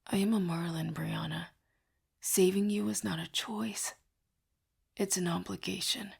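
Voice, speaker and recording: A woman voicing a brooding young male mage who mutters in a low, half-whispered way, sardonic and bored. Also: fairly even intonation, measured pace, gravelly, a little mellow, slightly rough, exaggerated voice.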